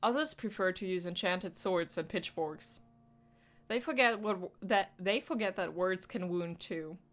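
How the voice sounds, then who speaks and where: A woman's voice: on the low side, measured pace, natural voice. A woman voicing a centuries-old male demon king from a visual novel, speaking in a theatrical, flowery, teasing manner. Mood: amused. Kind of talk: reading a visual novel aloud.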